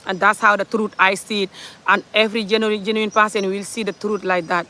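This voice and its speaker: A woman's voice: medium pitch, little pitch movement, a little fast, sharp tone. A woman from Gambia, passionately ranting in an opinionated social commentary monologue, full of rhetorical questions. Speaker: commentary vlogger.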